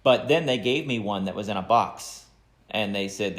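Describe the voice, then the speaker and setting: Low-voiced man chatting as podcast host. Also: moderate pace, roomy sound. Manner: relaxed conversational storyteller. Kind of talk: casual interview chat.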